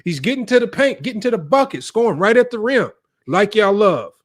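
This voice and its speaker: A man's voice: sits high, very animated, fairly quick. A man hosting a sports debate live stream, ranting in an exasperated, heated way to his viewers.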